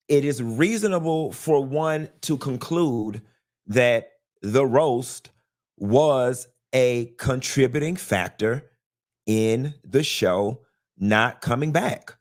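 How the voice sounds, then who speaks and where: A man giving a commentary monologue, laying out his argument point by point in a measured way. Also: medium pitch. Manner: deliberate, measured, argues point by point. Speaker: show commentator.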